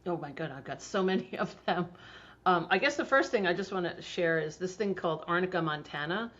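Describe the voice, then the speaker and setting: A woman's voice: fairly low pitch, lively intonation, brisk, fairly bright tone. A middle-aged woman, a homeopathy practitioner, talking casually in an interview with chatty storytelling and frequent fillers. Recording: dull lo-fi sound.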